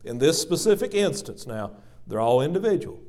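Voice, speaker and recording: A man's voice: on the high side, big pitch swings, normal speed. A man preaching a sermon in church, dramatic and repetitive, calling the congregation folks. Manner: dramatic swings between loud emphasis and hushed asides. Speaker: pastor.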